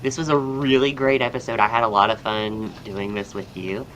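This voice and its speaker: A young man with a soft Southern American drawl talks like a podcast host, rambling cheerfully. His voice is bright and forward. Faint background noise sits under the recording. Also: on the low side, little pitch movement, moderate pace, poor audio. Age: young adult. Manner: chatty, upbeat, rambling with fillers. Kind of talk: casual chat.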